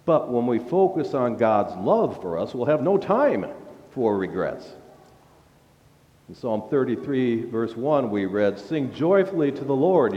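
A male pastor delivers a sermon in a church sanctuary, speaking very slowly and deliberately. His voice carries a long reverb from the hall. The recording sounds somewhat dull and lo-fi. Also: medium pitch. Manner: slow, deliberate preaching with scripture readings.

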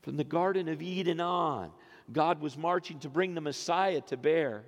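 Man in his fifties preaching in a reverberant sanctuary. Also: normal speed. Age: 50s. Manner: swings from quiet low phrases to loud, rising exclamations. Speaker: pastor. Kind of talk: sermon. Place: church sanctuary. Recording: long reverb of a church sanctuary.

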